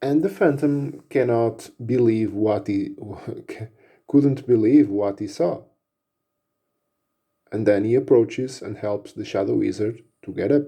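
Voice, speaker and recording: A man narrating an action story casually, unhurried, with fillers. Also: lowish voice, dark tone.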